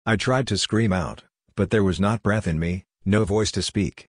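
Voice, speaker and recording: Deep, husky male horror narrator. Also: moderate pace, no room sound, clean studio sound.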